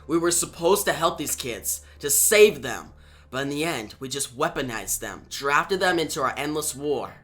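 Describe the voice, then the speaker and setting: A man reading the lines of a weary, guilt-ridden adult male hero in a comic recap, in a low, subdued way. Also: very animated, moderate pace, a bit bright, faint music behind. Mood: somber.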